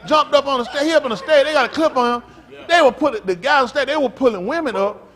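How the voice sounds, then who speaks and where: A man speaking as a pastor in an emphatic, preacherly talk, often building up to loud outbursts. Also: very high-pitched, animated, fast talker.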